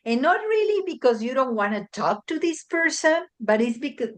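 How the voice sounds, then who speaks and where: A woman chatting casually as a guest, animated and often acting out little quoted dialogues. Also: high voice, moderate pace. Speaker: guest, family member. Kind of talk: casual chat.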